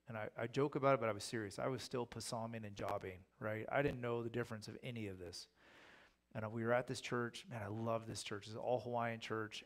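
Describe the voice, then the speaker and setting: A pastor gives a casual, conversational Bible teaching, acting out the voices of people in his stories. His voice is lowish and gravelly.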